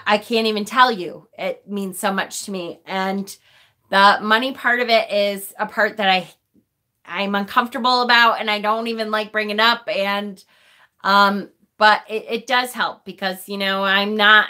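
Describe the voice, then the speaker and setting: A middle-aged woman hosting a casual livestream, talking to viewers in a halting, emotional way and often breaking off mid-sentence. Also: a little high, bright, forceful tone. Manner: emotional, thanking viewers, halting and self-interrupting. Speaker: livestream host.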